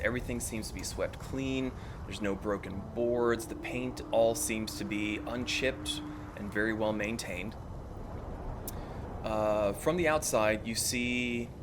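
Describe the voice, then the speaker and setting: A man narrating a tabletop game as game master, describing scenes in an unhurried way with many fillers. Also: medium pitch, background noise.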